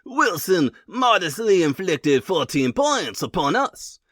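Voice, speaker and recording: A man's voice: sits high, big pitch swings, slow pace, a bit bright, no echo, studio quality, pitched above the performer's own voice, heavily acted. A man doing a scornful French statesman with a thick French accent. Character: older male French statesman, savvy and scornful.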